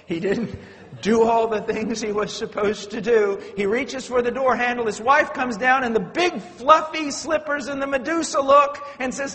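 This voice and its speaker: A man delivers a sermon with a notably high voice that rings through a long-reverb hall. He drops into quiet, low storytelling, then builds to loud, urgent outbursts. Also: moderate pace. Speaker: preacher.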